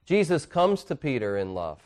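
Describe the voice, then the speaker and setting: Earnest preaching man, hushed to emphatic. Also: medium pitch, very animated, normal speed. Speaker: pastor. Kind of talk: sermon. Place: church.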